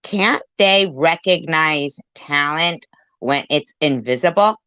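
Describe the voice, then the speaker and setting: A woman's voice: low-pitched, expressive, slow, bright, forceful tone, smooth, no echo. A woman hosting a commentary channel, mocking and sarcastic as she reacts to clips, swearing freely. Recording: dull lo-fi dry sound.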